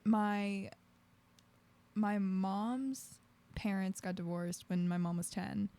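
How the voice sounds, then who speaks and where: A woman's voice: medium pitch, fairly even intonation, slow, dark tone. Chatty young woman, guest host. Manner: chatty, acts out quotes. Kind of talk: casual chat, storytelling.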